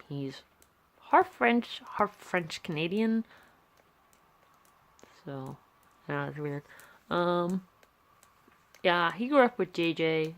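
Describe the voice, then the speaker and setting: Gravelly young woman rambling casually. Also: on the low side. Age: young adult. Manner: rambling, hesitant, many fillers and restarts. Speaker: art vlogger. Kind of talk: casual chat. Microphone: handheld camera.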